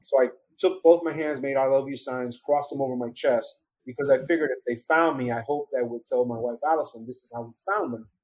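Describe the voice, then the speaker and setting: A little fast with few pauses, this middle-aged New Yorker speaks in a darkish mid-range voice over poor audio. Being interviewed, he earnestly tells of his own survival, breaking off and restarting emotionally.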